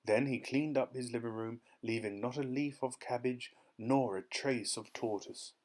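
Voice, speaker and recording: A male audiobook narrator reading a children's story in a lively, expressive way. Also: medium pitch, moderate pace.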